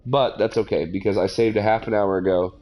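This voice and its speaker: A man's voice: fairly low pitch, fairly even intonation, a little fast, mellow. A man streaming a video game, chatting casually and griping with a lot of swearing. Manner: profane, exasperated griping. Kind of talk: casual gameplay commentary.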